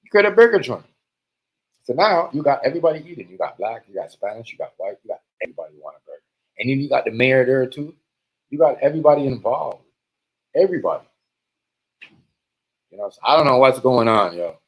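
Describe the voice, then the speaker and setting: A man's voice: medium pitch, fast talker, long pauses, low-quality recording. Slangy man ranting on a stream. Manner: animated, street slang, repeats himself. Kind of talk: casual livestream monologue.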